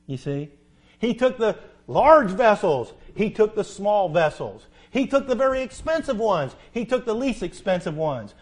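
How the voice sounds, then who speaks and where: A man preaching a sermon as pastor, asking rhetorical questions, repeating key phrases and reading scripture slowly. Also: high voice, darkish tone. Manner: quotes scripture slowly and deliberately. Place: church sanctuary.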